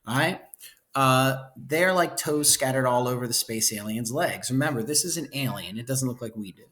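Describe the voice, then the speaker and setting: A man's voice: medium pitch, animated, normal speed, a bit bright. A man teaching a casual lecture through a book chapter, chatty and playful, checking in with his students constantly. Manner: playful asides, enthusiastic about cute pictures.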